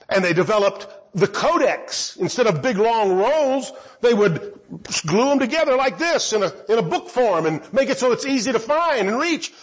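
A man's voice: sits high, husky, muffled recording. A man giving a Bible teaching talk, asking rhetorical questions and answering them himself.

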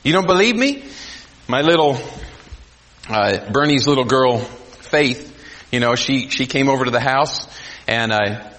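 A man preaching a sermon to a congregation, swinging between loud emphasis and quiet asides. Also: mid-range voice, expressive, unhurried, pauses often. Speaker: pastor.

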